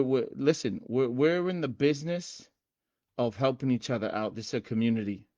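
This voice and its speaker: A man hosting a casual livestream, hyped and streetwise, repeating himself and shouting out viewers by name. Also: mid-range voice, lo-fi sound. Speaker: livestream host teaching game rules.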